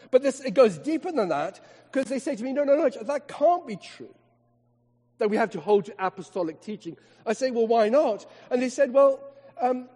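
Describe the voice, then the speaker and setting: A man, a vicar preaching a sermon with emphatic rhetorical questions and slowed words for stress. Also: sits high, mellow, breathy edge. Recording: long hall reverb.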